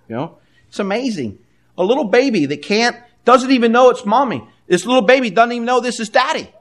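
An older man preaching a sermon, dropping to a hush and then rising loud, often stammering into repeats. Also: sits high, animated, roomy sound. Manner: swings between hushed and loud, halting repeats.

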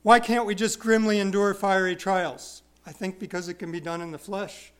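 A man preaching an expository sermon, stressing key words by repeating them and dropping into quiet, self-deprecating asides. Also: high-pitched, fairly even intonation, moderate pace, clean tone. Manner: wide swings from loud stresses to quiet asides.

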